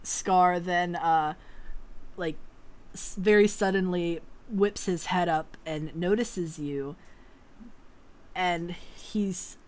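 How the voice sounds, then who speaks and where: A woman narrating as game master of a tabletop game, halting with fillers and often laughing. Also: fairly low pitch.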